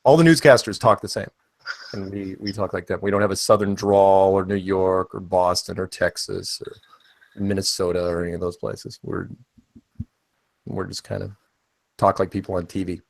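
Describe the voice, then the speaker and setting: A man's voice: sits low, steady tone, normal speed, creaky, dry recording. An American man hosting an online panel chat, rambling and joking in a casual way. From United States. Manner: rambling, joking, self-deprecating.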